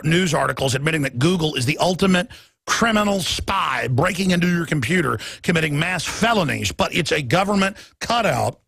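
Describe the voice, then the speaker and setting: A man hosting a radio talk show, delivering a heated, emphatic monologue that swings between loud and soft. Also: a little high, creaky, slightly rough, no echo. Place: radio studio.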